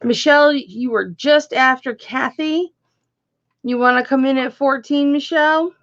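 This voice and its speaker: A woman's voice: sits high, a little slow, a bit bright, dull audio. A woman hosting a live online jewelry auction, chatting casually and calling out bidders by name as she counts down the bids. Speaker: auction host.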